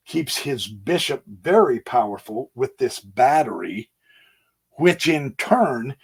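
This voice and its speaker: A chess channel host walks through a game on a physical board in a folksy way, thinking out loud and dropping homey exclamations. His slightly rough voice sits a touch high and swings widely in pitch. He talks slowly, jumping between hushed asides and emphatic outbursts.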